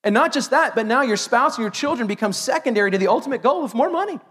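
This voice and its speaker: A middle-aged man, a pastor, preaching an animated sermon with joking asides to the congregation. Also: very high-pitched, fast talker. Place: church sanctuary. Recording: long hall reverb.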